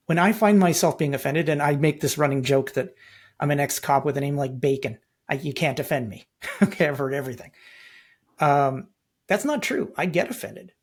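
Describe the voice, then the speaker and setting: Middle-aged man from Canada, husky and slightly high voice, emphatic podcast guest. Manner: emphatic, rhetorical questions. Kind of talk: podcast interview.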